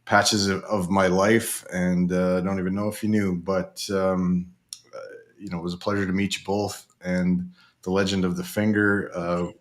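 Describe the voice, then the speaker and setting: A man with a very low, deep voice hosts a casual podcast chat. He talks in an easygoing way, pausing often with fillers as he gathers his thoughts. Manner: relaxed, hesitant, many fillers. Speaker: podcast host.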